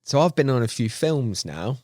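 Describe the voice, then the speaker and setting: Animated storytelling man on a podcast. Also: moderate pace, dry recording, clean studio sound. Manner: animated storyteller, acts out quotes with big pitch jumps. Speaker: podcast co-host. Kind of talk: casual chat.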